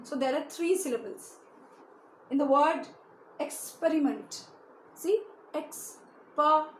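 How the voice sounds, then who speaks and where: Woman teacher, high voice, echoey room with faint hiss, keeps quizzing the kids. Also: moderate pace, darkish tone. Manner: asks pupils many questions, often adds "you know". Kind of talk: classroom lesson for children.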